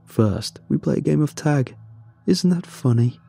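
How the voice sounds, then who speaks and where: A man voicing a sinister furry rabbit-like creature that speaks slowly and softly with mock-friendly menace. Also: a little high, expressive, creaky, breathy edge, soft background music, pitched above the performer's own voice, full character voice. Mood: menacing.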